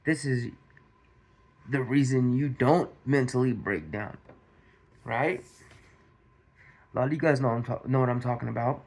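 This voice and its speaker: Slow-talking man ranting to viewers. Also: mid-range voice. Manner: repetitive, restarts, rhetorical questions to viewers. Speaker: commentary channel host. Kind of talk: casual commentary monologue.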